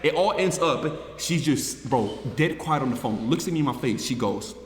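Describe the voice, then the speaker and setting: A young man, a streamer, telling a story to his friends in a casual, animated, profane way, repeating himself and swinging from hushed to shouting. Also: mid-range voice, moderate pace. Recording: echoey room with long reverb, faint noise.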